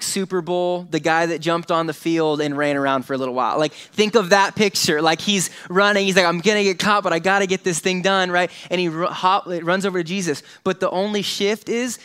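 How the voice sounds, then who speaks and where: A man preaching a sermon, lively and conversational, dropping quiet and slow for dramatic moments. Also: sits high, dry recording. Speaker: pastor.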